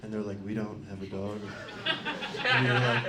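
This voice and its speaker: A man around twenty doing a stand-up comedy set, awkward and self-deprecating, halting with lots of "uh"s. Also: on the low side, fairly even intonation, very noisy. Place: comedy club stage before a laughing crowd. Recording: echoey club with loud crowd laughter.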